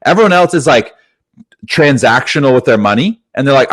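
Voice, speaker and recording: A young man co-hosting a casual podcast, talking excitedly and swearing often, with "dude" in every other sentence. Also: mid-range voice, fairly quick. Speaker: podcast co-host.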